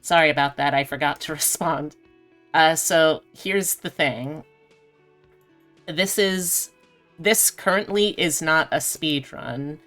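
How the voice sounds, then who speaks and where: Casual streamer, slow and smooth, reads chat between play. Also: medium pitch, bright, forceful tone, soft background music. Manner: chatty, giggly, talks to chat. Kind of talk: casual live-stream commentary.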